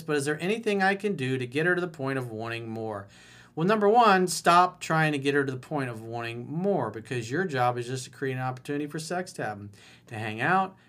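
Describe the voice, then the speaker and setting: A man's voice: on the high side, a bit bright. A man giving dating advice in a blunt, mocking and profane monologue. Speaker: dating coach and author.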